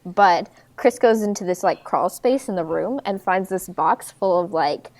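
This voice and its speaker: A woman's voice: lowish voice, measured pace, darkish tone. A woman co-hosting a podcast, casually recapping a movie scene with a lot of "like". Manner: rambling, filler-heavy "like". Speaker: podcast co-host.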